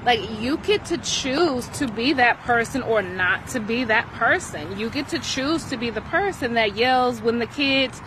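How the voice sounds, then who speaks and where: Woman, young adult, self-healing teacher, casual motivational talk, unhurried delivery, outdoor recording with steady traffic noise. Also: on the high side. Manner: conversational, checks in with "right?" often.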